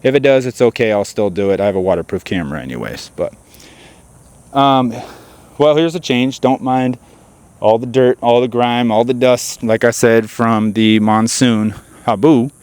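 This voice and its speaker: A man's voice: medium pitch, moderate pace, darkish tone, smooth. A man hosting a car channel, chatting casually to his viewers while standing outdoors beside his car. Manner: chatty, addresses viewers directly. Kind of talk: casual vlog chat.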